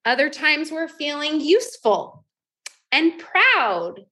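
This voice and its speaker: High, animated woman coaching a group. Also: takes it slowly. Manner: lively storytelling, acts out her own thoughts. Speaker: life coach.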